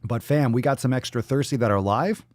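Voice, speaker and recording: A man's voice: mid-range voice, brisk, darkish tone, dry recording, studio quality. A man hosting a daily fitness livestream podcast, talking casually with hype, profanity and playful catchphrases. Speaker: podcast host.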